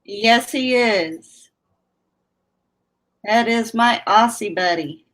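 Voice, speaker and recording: Slow-talking woman hosting a live chat. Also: on the high side, fairly bright tone. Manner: laughs often, drawls words out. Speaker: livestream host chatting with viewers.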